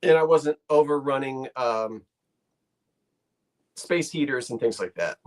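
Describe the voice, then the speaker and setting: A man's voice: mid-range voice, a little slow. A man co-hosting a live sale stream, chatting in a hesitant, rambling way with many restarts. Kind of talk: casual chat.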